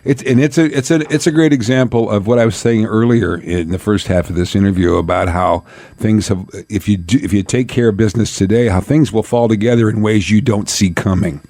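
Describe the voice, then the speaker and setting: A middle-aged man, a radio DJ, telling career stories in an animated, laughing way. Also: lowish voice, fairly quick, a little hiss or hum. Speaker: radio DJ, interview guest. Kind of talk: casual storytelling interview.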